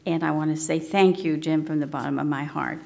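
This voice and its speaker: A woman's voice: deep voice, fairly even intonation, fairly quick, vocal fry, dark tone. A woman introducing a speaker at an event, chatty and full of fillers. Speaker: state representative introducing a speaker. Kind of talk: public speech.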